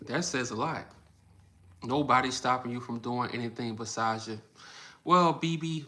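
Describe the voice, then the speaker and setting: Man, livestream host, blunt and repetitive, bright tense voice. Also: medium pitch, normal speed. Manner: blunt, animated, repeats phrases for emphasis. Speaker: livestream host reading chat. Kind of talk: casual livestream commentary.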